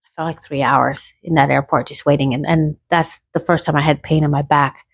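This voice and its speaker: A woman's voice: deep voice, steady tone, a little fast, vocal fry, husky, dry recording, studio quality. A woman from Canada telling a rambling personal story in a chatty, casual way, with many restarts.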